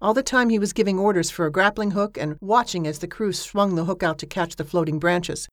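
A woman reading a story aloud as an audiobook narrator, with a steady storytelling manner. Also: a little fast, no echo, clean studio sound. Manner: steady storytelling voice, lifting pitch for characters' dialogue. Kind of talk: scripted narration.

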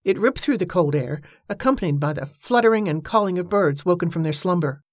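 In a lowish voice, a female audiobook narrator reads a novel with measured, even storytelling. The scripted narration is captured with clean studio sound and no echo.

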